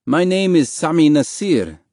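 A kindly old man, over sixty, speaks in a slow, gentle, measured storybook voice, as a male narrator puts him on. He is pitched a little above the reader's own tone and unhurried. The sound is dry and close. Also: very animated, dry recording, exaggerated voice. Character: elderly kind Arab man, gentle and slow.

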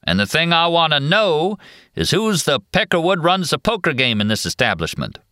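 Man doing a brash drawling cowboy type, high and loud, dry close sound. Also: very animated, moderate pace, no room sound. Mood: swaggering. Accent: American cowboy drawl. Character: drawling swaggering cowboy-like male patient.

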